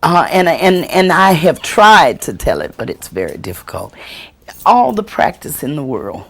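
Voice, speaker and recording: A woman storyteller teaching a workshop and answering audience questions, expressive and deliberate, acting out the voices she quotes. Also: deep voice, husky. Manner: slow, deliberate delivery with chuckles.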